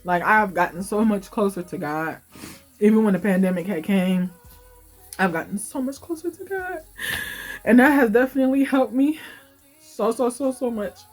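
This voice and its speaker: A woman's voice: mid-range voice, lively intonation, moderate pace, faint music behind. A woman in her late twenties giving an emotional, heartfelt life update in her vlog, talking in a casual, confiding way. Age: late 20s. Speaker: vlogger.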